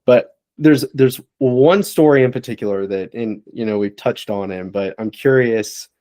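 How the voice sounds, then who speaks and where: A man on a podcast panel making his points in a measured, thoughtful way. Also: mid-range voice, dark tone. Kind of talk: casual discussion.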